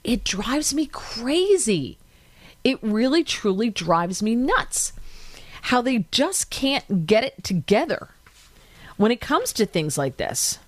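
A woman guest-hosting a talk radio show, giving animated, indignant commentary in fast bursts. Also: a little high, dry recording.

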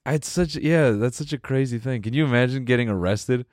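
A man co-hosting a podcast, laid-back and quick to laugh, swearing often in casual chat. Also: mid-range voice, darkish tone, dry recording, studio quality. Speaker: podcast co-host.

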